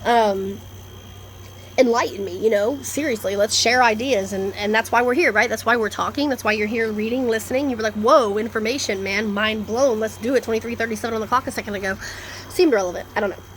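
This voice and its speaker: A woman's voice: a little high, fast, slight background noise. Blunt, rambling woman vlogger. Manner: blunt, profane, animated, jumps between topics. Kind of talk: casual rambling monologue. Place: indoors, storm coming in outside.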